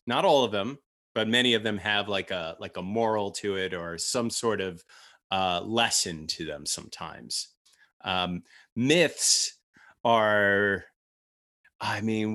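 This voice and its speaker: Lively, bright-voiced male podcast co-host. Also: on the low side. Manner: animated, laughs often, restarts sentences. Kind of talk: casual chat.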